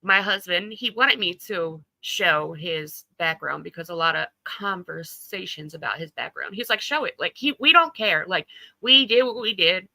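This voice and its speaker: A woman's voice: lowish voice, expressive, moderate pace, creaky, bright, forceful tone, no echo, poor audio. A woman hosting a casual livestream chat, talking loosely, laughing often and swearing freely. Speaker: livestream host.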